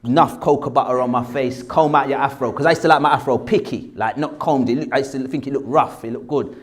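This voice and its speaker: Talking fast in a mid-range voice, a man in his forties tells a personal story. He's an actor from England with a South London accent, and he animatedly acts out each person he quotes.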